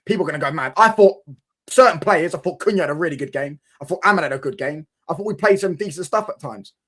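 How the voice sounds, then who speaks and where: A man argues his point quickly and insistently. His voice sits a little high for a man. He rushes through his words as he presses the point. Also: a bit bright, breathy edge. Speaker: guest fan. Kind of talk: casual football chat.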